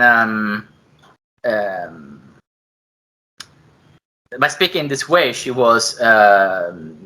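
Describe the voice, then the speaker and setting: A man's voice: on the low side, sharp tone, rough recording. A man giving an academic seminar presentation, hesitant, with frequent fillers and self-corrections. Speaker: academic speaker.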